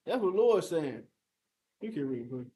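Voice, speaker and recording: A man with a notably high-pitched voice leads a heated scripture breakdown as a teacher. He speaks emphatically and confrontationally, pressing his listeners with rhetorical questions and the occasional curse. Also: big pitch swings, normal speed, warm tone.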